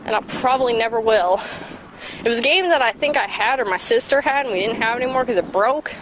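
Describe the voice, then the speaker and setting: A woman's voice: fairly high pitch, fast talker, noisy background. A young woman vlogger telling rambling childhood stories outdoors while walking, swearing freely and mocking herself. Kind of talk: rambling casual storytelling.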